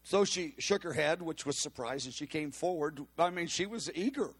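A man preaching, telling a story in an animated way and acting out the voices of the people in it. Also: a little high, moderate pace, slightly rough. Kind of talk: storytelling sermon.

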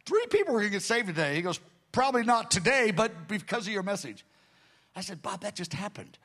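A man preaching, with a voice that sits a touch higher than most men's. He tells his story with animation, acting out each quote and swinging between soft, hushed lines and loud cries. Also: sing-song, brisk. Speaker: pastor. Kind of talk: sermon storytelling.

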